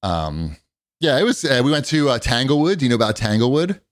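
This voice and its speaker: A man's voice: mid-range voice, sing-song, fairly quick, dry recording, studio quality. A man chatting casually as a co-host, telling rambling, profane stories full of fillers. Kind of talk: casual chat.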